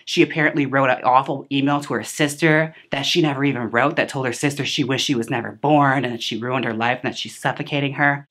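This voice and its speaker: A woman's voice: very deep voice, fairly bright tone. A woman hosting a casual movie recap, chatty and sassy, full of filler words and side remarks. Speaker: host reviewing a film.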